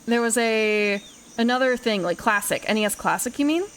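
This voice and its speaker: A woman's voice: on the high side, normal speed, a bit bright, slight background noise, low-quality recording. A young woman streamer chatting casually through a first-time game playthrough, rambling and correcting herself as she talks. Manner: rambling and self-correcting, with frequent laughs and swearing.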